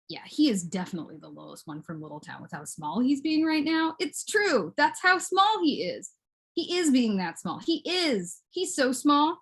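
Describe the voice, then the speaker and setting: A woman giving a performed poetry reading, swinging between high cooing baby talk and low muttered asides. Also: a bit bright, slightly rough. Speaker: poet reading her work. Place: at home for an online book launch.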